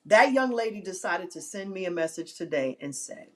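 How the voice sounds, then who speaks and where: A woman's voice: lowish voice, expressive, moderate pace. A woman hosting an inspirational live-stream talk, emphatic and given to repeating phrases for effect.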